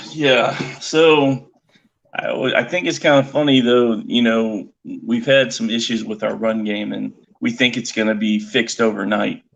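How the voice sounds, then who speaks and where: A man's voice: medium pitch, unhurried, vocal fry, a bit bright, dull audio. A man talking as a guest on a sports podcast, wry and amused, hesitating with lots of fillers. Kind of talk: casual sports podcast chat.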